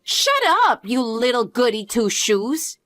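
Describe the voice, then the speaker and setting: Woman voicing a mocking greedy older sister for a story read, higher and lively, dry close sound. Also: a little slow, no room sound. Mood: scornful. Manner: dismissive, mocking. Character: selfish greedy elder sister, woman, adult. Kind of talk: scripted story narration.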